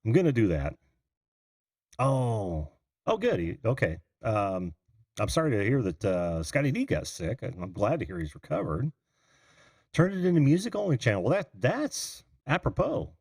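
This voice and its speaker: A man's voice: fairly low pitch, sing-song, normal speed, darkish tone, breathy edge, dry recording, clean studio sound. A middle-aged man hosting a call-in livestream, rambling casually and answering viewers' chat comments. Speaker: call-in show host. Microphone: computer mic on a video call.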